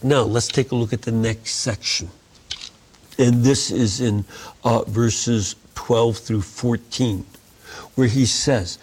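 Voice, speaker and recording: A man leading a Bible study, reading scripture slowly and explaining it in a measured way, jumping up in pitch to stress a point. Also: a little mellow, slightly rough.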